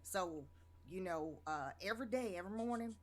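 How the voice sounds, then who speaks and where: A woman's voice: mid-range voice, expressive, moderate pace. Boastful woman playing her character. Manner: bold, boastful and emphatic. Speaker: player. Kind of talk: in-character role-play.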